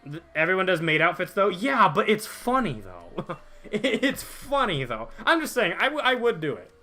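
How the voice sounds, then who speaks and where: A man's voice: high voice, huge pitch swings, moderate pace, bright, forceful tone, faint music behind. A young man streaming a game, chatting casually and jokingly with his viewers while reading their chat aloud.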